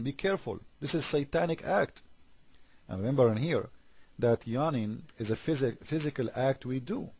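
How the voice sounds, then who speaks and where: Husky-voiced man, sarcastic commentary. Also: medium pitch, no room sound, muffled recording. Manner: sarcastic, rhetorical questions, halting repetitions. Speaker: religion critic commentator. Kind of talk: critical commentary monologue.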